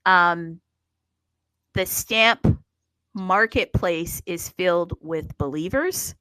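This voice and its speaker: A woman hosting a casual online chat, talking in a chatty, animated way with many restarts. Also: fairly low pitch, very slow, no echo, low-quality recording. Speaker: host.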